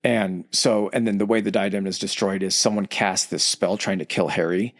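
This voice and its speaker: A man's voice: deep voice, steady tone, moderate pace, no echo, studio quality. A podcast host in casual chat, loosely retelling a story and acting out the quotes in his own voice.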